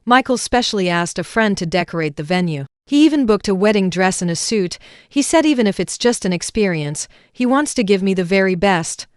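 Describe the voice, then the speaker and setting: A woman voicing a scheming young woman who acts sweet and innocent, in a soft, sugary way. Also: mid-range voice, animated, a little fast, smooth, dry recording, clean studio sound, close to an everyday voice. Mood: boastful.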